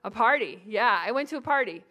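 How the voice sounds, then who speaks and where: This is a fairly high-voiced woman from the Boston area, lecturing on adolescent psychology. She jokes easily and teases the audience directly, with plenty of "um" between points. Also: brisk. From New England, Boston area. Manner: lively, joking, addresses the audience directly. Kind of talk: public lecture to adults.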